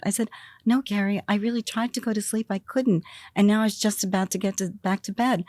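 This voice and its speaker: An older East Coast American woman, a podcast guest, tells her story candidly and with animation, laughing and acting out lines that were said to her. Her voice is medium-pitched and a little fast, recorded on a studio microphone with clean sound and no room sound.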